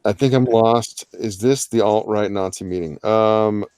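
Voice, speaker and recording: A man's voice: fairly low pitch, unhurried, darkish tone, clear, resonant tone, no echo. A man hosting a live drawing-challenge stream, chatting casually with plenty of filler and joking asides. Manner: rambling, filler-heavy, jokey asides. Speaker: livestream host of a drawing challenge. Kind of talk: casual livestream commentary.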